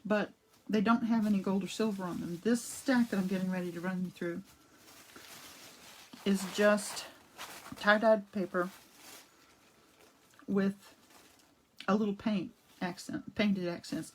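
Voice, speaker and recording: A woman's voice: mid-range voice, steady tone, measured pace, long pauses, darkish tone, a little hiss or hum, poor audio. A woman hosting a casual live-streamed craft demonstration, chatting and greeting viewers as she goes, with a cough drop in her mouth. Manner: chatty, greets viewers by name mid-demo; rambling, with frequent restarts and asides. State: talking around a cough drop. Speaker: art demo host. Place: home art studio.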